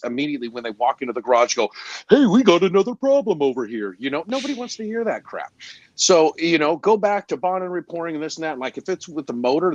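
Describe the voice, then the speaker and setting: A man, a garage door salesperson, telling lively stories in a casual interview, acting out the dialogue and sometimes losing his train of thought. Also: fairly high pitch, dry recording. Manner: animated, acts out dialogue in stories.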